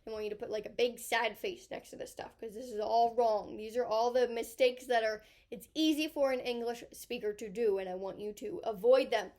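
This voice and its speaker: A woman, a high school teacher, explaining grammar in an emphatic lesson that repeats key points. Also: fairly even intonation, brisk, few pauses, darkish tone.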